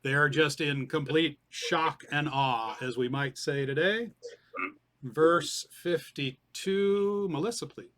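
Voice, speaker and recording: A man leading a church Bible study talks through the passage in a relaxed, conversational way. His voice is fairly high and bright. He keeps turning questions back to the group. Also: slow pace.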